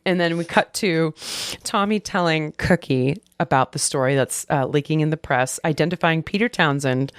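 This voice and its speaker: A woman co-hosting a podcast, recapping a TV episode in casual, animated chat. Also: lowish voice, no echo, clean studio sound. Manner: animated, with quick bursts and sung imitations. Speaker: podcast co-host.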